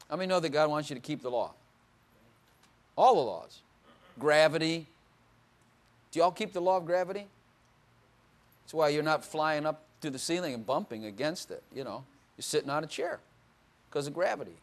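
An older man preaching in a church, chatting with the congregation and laughing as he goes. His voice sits a little high for a man, and the talk stays easy and conversational. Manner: conversational and playful, laughing often, asking the congregation questions. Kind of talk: sermon.

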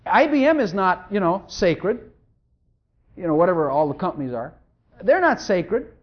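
A pastor preaching a sermon, emphatic and repetitive, hammering each point home and sometimes mumbling quietly while looking something up. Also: medium pitch, big pitch swings, normal speed. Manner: drops to quiet mumbling when searching for a verse. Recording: dull lo-fi recording.

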